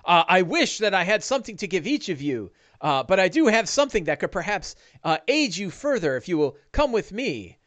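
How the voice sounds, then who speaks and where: A man voicing an older male farmer and retired adventurer, loud and effusively grateful. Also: high-pitched, big pitch swings, fairly quick, hardly any pauses, voice pushed up.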